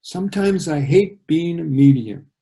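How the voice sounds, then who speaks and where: A man's voice: a little high, expressive, unhurried, creaky, warm tone. A man reading aloud and voicing a troubled woman medium in a storybook reading over a video call. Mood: hesitant.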